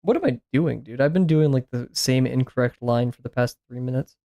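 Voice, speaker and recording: A man's voice: mid-range voice, brisk, mellow, dry recording. A man musing aloud as he draws, his talk loose and full of fillers and restarts. His voice sits mid-range and sounds dry and close, with almost no room around it. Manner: rambling, filler-heavy musing. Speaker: art streamer. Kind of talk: casual chat while drawing.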